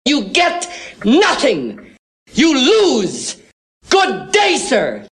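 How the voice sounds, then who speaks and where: A man in a played film clip, shouting a high, indignant outburst. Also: huge pitch swings, extremely slow, heavily acted.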